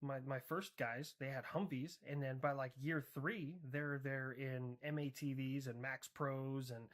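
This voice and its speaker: A man's voice: medium pitch, steady tone, measured pace. A man streaming comedic role-play chat, talking in a sarcastic, profane, rambling way.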